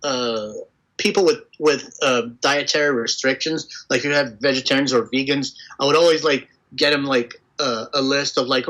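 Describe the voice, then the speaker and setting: A man being interviewed as a tour manager, telling road stories in an animated, chatty way and often breaking into laughter. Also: mid-range voice, normal speed, poor audio. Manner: animated, laughing storyteller full of "like". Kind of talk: casual storytelling interview.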